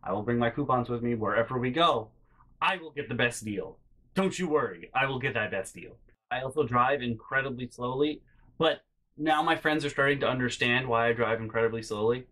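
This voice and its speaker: A young man telling comedic personal stories in a rambling, animated way, with loud acted-out outbursts. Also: mid-range voice, a little fast. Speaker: storytelling vlogger.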